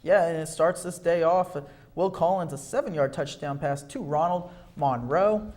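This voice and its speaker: Young man, sports highlight commentary, slightly high voice, energetic, stumbles and corrects himself. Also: normal speed. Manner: energetic, with fillers and self-corrections. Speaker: sports show co-host.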